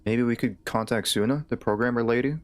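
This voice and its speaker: Rambling streamer with a Southern drawl. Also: male voice, medium pitch, fairly even intonation, brisk, dry recording. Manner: rambling, hesitant, many restarts. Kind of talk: casual gaming stream chat.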